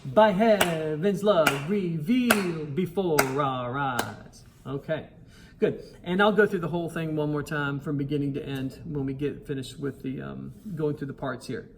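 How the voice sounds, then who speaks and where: A man teaching a choir its parts, singing the lines, counting in and talking in a relaxed, encouraging way over loud piano. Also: a little high, normal speed, gravelly, slight background noise. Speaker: choir director. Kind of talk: choir rehearsal tutorial. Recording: piano music loud behind him.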